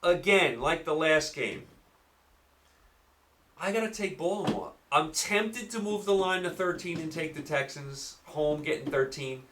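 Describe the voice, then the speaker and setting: A man with a New York accent hosting a solo football picks show, rambling and animated, firing rhetorical questions at listeners. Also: fairly high pitch, a little hiss or hum. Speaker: sports betting podcast host. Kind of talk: solo sports picks talk.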